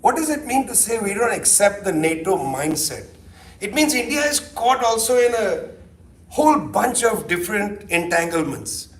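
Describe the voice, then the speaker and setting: The keynote speaker, a middle-aged man, has a high voice and talks at a normal speed in a lecture hall. His loose, animated lecture is sardonic and full of asides, and the far-off mic picks up plenty of echo.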